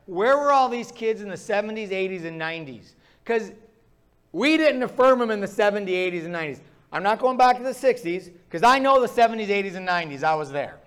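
A man's voice: sits high, animated, brisk, fairly bright tone, smooth. A man preaching a sermon, impassioned and ranting as he pounds the pulpit. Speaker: pastor.

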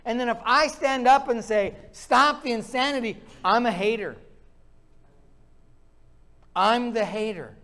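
High-voiced impassioned male preacher. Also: animated, slow pace, long pauses, a bit bright. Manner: impassioned, ranting, pounding the pulpit. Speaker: pastor. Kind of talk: sermon.

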